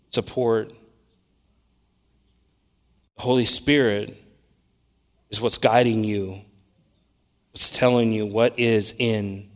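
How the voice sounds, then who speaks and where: A man preaching a sermon, swinging between loud scripture reading and quiet, repetitive asides. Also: on the low side. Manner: repeats words while searching for them.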